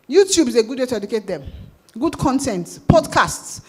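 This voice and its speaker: A woman with a Nigerian accent giving a sales talk at a conference, lively and asking the audience questions. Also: fairly high pitch, normal speed, husky. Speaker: conference speaker. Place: conference hall.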